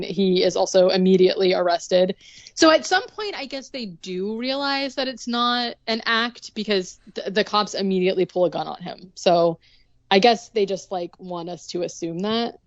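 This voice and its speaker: A woman's voice: medium pitch, dry recording, muffled recording. A woman co-hosting a podcast, recapping a movie plot in casual chat, with lots of ums and likes. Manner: rambling, full of ums and likes, bursts into bubbly impressions. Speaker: podcast co-host.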